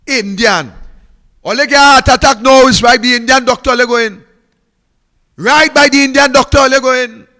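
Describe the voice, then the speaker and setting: Fiery high-voiced Trinidadian man. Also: pushed and bright, in a large hall. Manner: fiery and mocking, repeating phrases for emphasis. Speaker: politician. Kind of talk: political speech.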